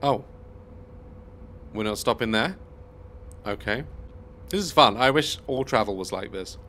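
A man's voice: lowish voice, lively intonation, unhurried, bright, forceful tone, a little hiss or hum. A man giving let's play commentary on a video game, chatty and bemused, thinking aloud as he plays. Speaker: gaming YouTuber.

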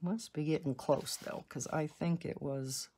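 Slow, chatty woman coloring at home. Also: low voice, steady tone, dark tone, slightly rough. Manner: slow, chatty, rambling with asides. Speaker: coloring channel host. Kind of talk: casual color-along chat. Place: home, indoors.

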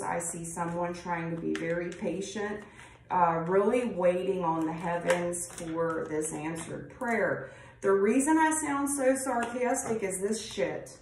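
A woman giving a casual tarot reading, talking bluntly and rambling, with frequent swearing. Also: medium pitch. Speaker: tarot reader. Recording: roomy, distant mic, faint noise.

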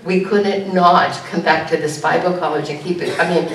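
A woman pastor giving an animated sermon, jumping to high exclamations now and then. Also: normal speed. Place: church sanctuary. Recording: echoey church room heard from a distance.

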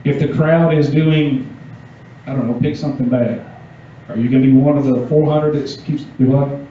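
A man's voice: mid-range voice, fairly even intonation, moderate pace, a little hiss or hum. A man giving a youth sermon, reading scripture and asking the audience casual questions. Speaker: youth pastor. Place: church meeting room. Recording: echoey dull room sound from far off.

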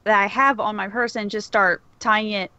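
A woman's voice: medium pitch, steady tone, normal speed, bright, forceful tone, clear, resonant tone, no echo, lo-fi sound. A woman narrating her character's actions in a tabletop game, hesitant with many "like" fillers. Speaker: player.

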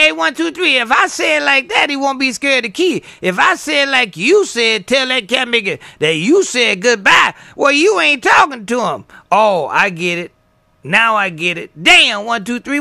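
A man's voice: extremely high pitch, creaky, pushed and bright, dry recording. A man chatting on CB radio, trading playful banter full of call signs and sign-offs. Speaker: CB radio operator.

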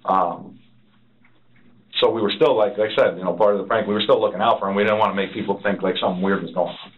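A low-voiced man tells his side of the story in an interrogation room, rambling and swearing as he acts out what others said. The recording is muffled and dull, like a room recorder. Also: steady tone, quick pace. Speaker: officer being interrogated. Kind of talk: recounting events under interrogation.

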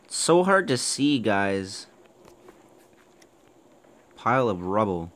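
A young man giving let's-play commentary on a horror game, jumpy, swearing a lot and shouting when startled. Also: lowish voice, big pitch swings, slow. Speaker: gaming YouTuber.

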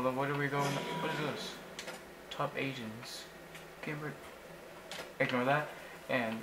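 A young man giving casual, excitable commentary while he plays a video game, often exclaiming in frustration. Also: mid-range voice, background noise. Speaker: gaming YouTuber.

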